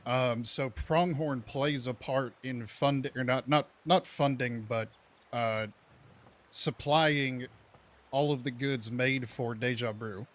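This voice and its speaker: Man, bright forceful tone, steady in-character account peppered with curses. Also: mid-range voice. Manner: measured, detailed retelling with blunt cursing. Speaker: role-play character giving an account. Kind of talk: in-character role-play talk.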